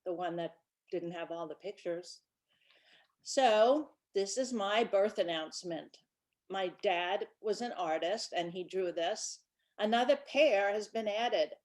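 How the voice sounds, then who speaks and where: Woman, 60s, children's author, casual storytelling talk, chatty, middle pitch. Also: slow, darkish tone. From Brooklyn, New York.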